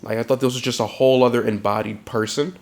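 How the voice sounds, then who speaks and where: A man's voice: medium pitch, fast talker, gravelly. Profane casual man on a podcast. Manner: loose, profane, animated film talk. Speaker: podcast co-host. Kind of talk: casual chat.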